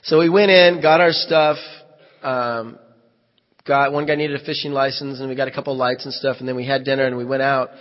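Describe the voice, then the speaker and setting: A man's voice: mid-range voice, fairly even intonation, a little fast. A man, a pastor, telling a vivid first-person story in a sermon and acting out the dialogue. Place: church hall. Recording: echoey hall, dull lo-fi sound.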